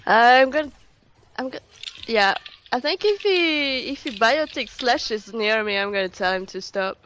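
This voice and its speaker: A woman's voice: a little high, lively intonation, unhurried, a bit bright, a little hiss or hum. A woman chatting casually with friends while gaming, hesitant and giggly, often repeating her words. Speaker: gamer on voice chat. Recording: muffled lo-fi voice chat.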